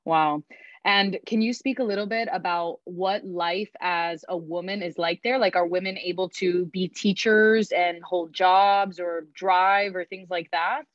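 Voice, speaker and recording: A curious woman interviewer with a somewhat low voice, asking soft-spoken questions. The sound is dry and dull, with a lo-fi feel. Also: steady tone, measured pace, no echo.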